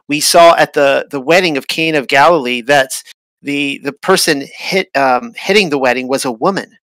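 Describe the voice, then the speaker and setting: A man with a bright, forward voice talks through a Bible chapter on his podcast, recorded dry and close. He thinks aloud as he goes, restarting phrases and pausing with fillers. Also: fairly high pitch, no room sound, poor audio. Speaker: podcast host. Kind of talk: casual Bible study talk. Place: traveled to Israel.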